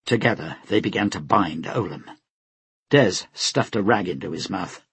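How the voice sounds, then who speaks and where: A man narrating an audiobook in a steady, measured storytelling voice. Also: low voice, vocal fry, husky, dry recording. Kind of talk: scripted narration.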